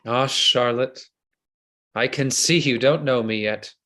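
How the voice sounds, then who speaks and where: This man reads slowly in a medium-pitched voice, playing an insincere noble seducer who flatters and pours out flowery, ardent declarations. It's a play reading done over a video call.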